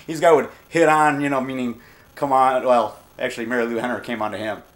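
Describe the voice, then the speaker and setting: A man's voice: medium pitch, fairly even intonation, moderate pace. A man in his fifties with a Chicago accent, telling a rambling personal story and circling back to repeat himself. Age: 50s. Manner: digressive, repeats himself, trails off. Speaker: vlogger.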